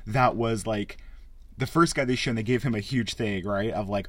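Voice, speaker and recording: A man hosting a casual spoken film review, rambling and excitable, with frequent swearing. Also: fairly low pitch, moderate pace, dry recording. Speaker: podcast host reviewing a film.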